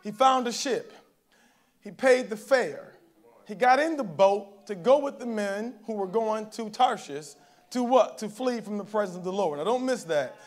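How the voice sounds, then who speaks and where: A man's voice: high voice, lively intonation, moderate pace. A male pastor preaching a sermon at a church service in a conversational way, often checking in with the congregation.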